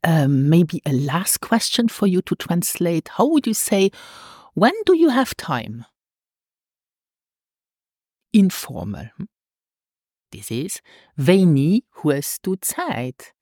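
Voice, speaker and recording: A woman teaching a language lesson, patiently repeating words slowly for pronunciation. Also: on the low side, big pitch swings, mellow, slightly rough, no room sound, studio quality.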